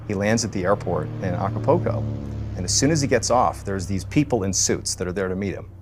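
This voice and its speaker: Low-voiced man telling a story casually. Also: lively intonation, brisk, faint music behind. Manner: conversational, many "like" fillers.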